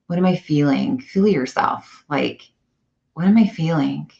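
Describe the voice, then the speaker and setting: Chatty woman live-streaming, low voice. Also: a little slow, vocal fry. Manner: chatty, animated, self-correcting. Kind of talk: casual live-stream chat. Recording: dull lo-fi live-stream audio.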